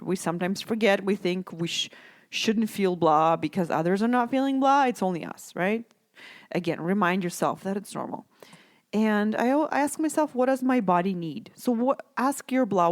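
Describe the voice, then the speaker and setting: A woman talks through a self-help podcast episode in a casual, gentle way. She tends to check in with her listeners as she goes, asking "right?" again and again. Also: mid-range voice. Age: adult mom. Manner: gentle, conversational, frequent "right?". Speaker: podcast host.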